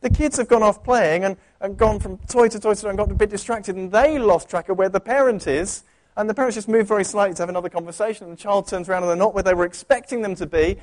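Earnest preacher, high voice. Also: male voice, fast. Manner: conversational, earnest, with frequent restarts. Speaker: pastor. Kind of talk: sermon. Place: church.

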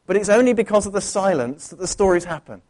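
A pastor delivers a sermon in church, speaking in a fairly high voice. He talks in an earnest, conversational way and often restarts his phrases mid-thought. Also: expressive, quick pace, darkish tone.

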